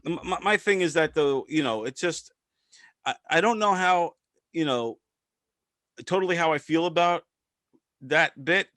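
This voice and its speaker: A man's voice: a little high, a little slow, pauses often, fairly bright tone, no room sound, clean studio sound. A man co-hosting a podcast, talking casually and rambling with frequent restarts and stammers. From part Filipino descent. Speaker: podcast co-host. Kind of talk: casual commentary chat.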